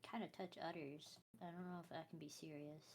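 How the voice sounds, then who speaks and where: Low-voiced, deadpan woman gamer. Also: brisk, a little hiss or hum. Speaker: tabletop game player. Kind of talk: casual tabletop role-play.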